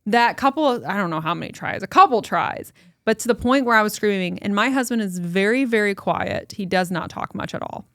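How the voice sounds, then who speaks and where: A woman's voice: mid-range voice, a little fast, dry recording, clean studio sound. A young adult woman hosting a podcast, telling a personal story in casual talk full of fillers and quotes. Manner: animated storytelling with many fillers. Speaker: podcast host. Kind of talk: casual conversation.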